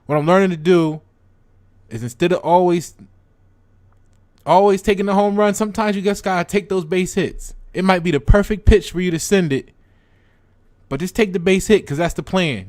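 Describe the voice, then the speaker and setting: A stock trading channel host chats casually to his viewers, explaining things with lots of repeated words and direct asks like "you see what I'm saying." His voice is a little high and darkish, with no room sound.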